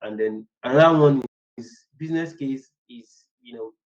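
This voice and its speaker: In a casual online lecture, a man teaches business analysis in a rambling way, repeating words and acting out short workplace exchanges. His voice is medium-pitched at a moderate pace, and the highs are cut off.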